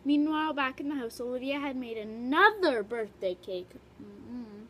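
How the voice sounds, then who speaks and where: A woman reading a children's picture book aloud in a lively storytelling way, with short remarks about the pictures between passages. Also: on the high side, normal speed, breathy edge. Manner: animated read-aloud, brief asides about the pictures. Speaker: storybook reader.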